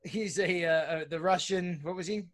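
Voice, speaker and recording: High-voiced man recapping wryly. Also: fairly even intonation, moderate pace, fairly bright tone. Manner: recaps events wryly, swears casually, laughs through lines. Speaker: podcast co-host. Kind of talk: casual wrestling podcast recap.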